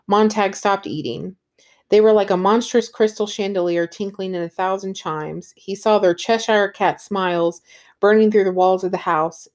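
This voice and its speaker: A book reviewer enthusiastically discusses a novel in casual book talk, using fillers like um and you know, then reads a passage aloud. Her voice is medium pitch with a darkish tone.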